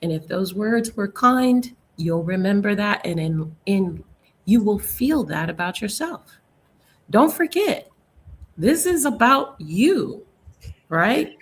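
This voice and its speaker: A woman's voice: medium pitch, animated, takes it slowly, slightly rough. A woman speaking earnestly and emphatically in a live online panel chat. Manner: earnest, emphatic, spiritual talk.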